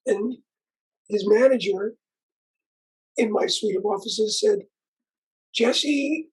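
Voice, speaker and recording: Older male interview guest, strongly raspy voice, rambling storyteller. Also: high voice, a little mellow, poor audio. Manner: rambling, with frequent restarts and asides. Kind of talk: conversational storytelling.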